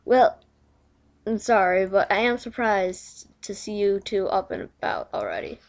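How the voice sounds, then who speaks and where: A woman's voice: mid-range voice, fairly even intonation, measured pace, close to an everyday voice. A woman voicing an exasperated pony librarian. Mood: warm. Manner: prim, exasperated. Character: bookish, easily exasperated female pony librarian.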